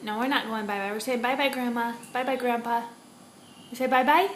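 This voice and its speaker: A young woman at home, a mother coaxing her toddler to talk in slow, sing-song baby talk with soft laughs. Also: on the high side, fairly even intonation, slight background noise.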